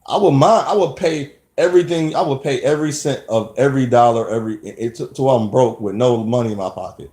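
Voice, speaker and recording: A man's voice: mid-range voice, fast, few pauses, a little mellow, reverberant. A man talking emphatically in a rambling personal monologue, often restarting his sentences. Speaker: vlogger.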